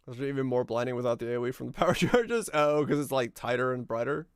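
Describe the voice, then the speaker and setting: A raspy, hoarse man's voice, recorded close and dry with almost no room sound. He chats loosely and jokes around with chat at an ordinary pitch while he plays a game on stream. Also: expressive, fast, no room sound. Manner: offhand, joking, rambling. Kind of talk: casual gaming stream chat.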